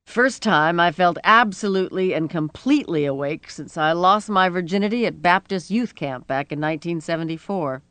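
A woman voicing a big, tough older woman who is blunt, profane and reassuring, with a low rumbling voice. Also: lively intonation, moderate pace, hardly any pauses, fairly bright tone, smooth, no echo. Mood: amused.

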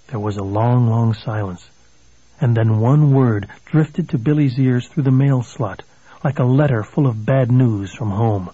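A man reading an audiobook in a measured, steady storytelling manner with a husky voice. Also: medium pitch, no room sound, dull audio. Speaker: audiobook narrator.

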